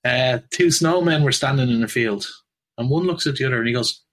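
A man's voice: medium pitch, fairly bright tone. Joke-telling man. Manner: tells jokes with quick character voices and laughs at his own punchlines. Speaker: podcast co-host. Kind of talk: telling jokes in casual chat.

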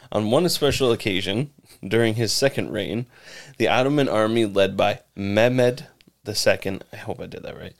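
A man's voice: fairly low pitch, normal speed, creaky. A man co-hosting a casual podcast, reading history notes aloud, laughing often and stumbling over names. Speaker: podcast co-host.

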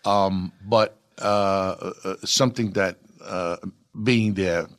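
An older man, an actor telling lively anecdotes in an interview and acting out the lines he quotes. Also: low-pitched, slow pace, no room sound. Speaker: actor guest. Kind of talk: storytelling interview.

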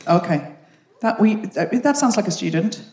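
A woman hosting a live comedy show, bantering briskly and teasing an audience member. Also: medium pitch, lively intonation, darkish tone. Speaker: comedy podcast host. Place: large theatre stage. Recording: echoey theatre with a crowd.

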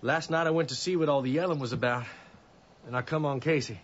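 An actor playing a beaten, hunted young farmhand on the run in a radio drama, weak and hurt, speaking in a low, blunt, tired rural drawl. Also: male voice, quick pace, lightly acted. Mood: grim. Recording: slightly dull, with faint hiss.

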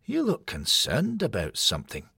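A man's voice: medium pitch, huge pitch swings, moderate pace, vocal fry, bright, forceful tone, husky, no room sound, clean studio sound, voice pushed up, exaggerated voice. A man doing a pompous old-fashioned toy footballer. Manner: formal, polite, pompous. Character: prim old-fashioned male table-football figure.

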